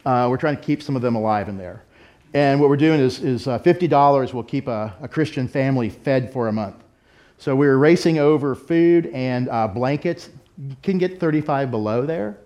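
Moderately paced and a little mellow, this middle-aged pastor's mid-range voice carries a sermon with a personal story. He's candid, conversational and quick to make fun of himself.

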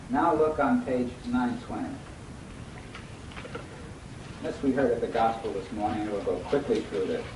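A man preaching a sermon, reading scripture aloud and quizzing his listeners to finish the verses. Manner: acts out lively quoted voices. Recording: echoey hall, mic at a distance, faint rumble.

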